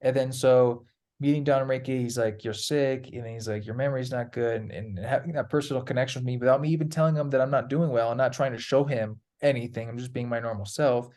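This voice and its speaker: A man's voice: mid-range voice, fairly even intonation, quick pace, darkish tone. A man chatting as a guest, telling a loose, rambling story with plenty of fillers and casual swearing. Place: Peru.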